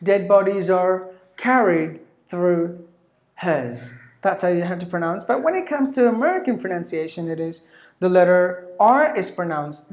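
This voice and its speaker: A woman's voice: mid-range voice, a little mellow, reverberant. A woman teaching pronunciation, repeating each word several times with many fillers. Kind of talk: online pronunciation lesson.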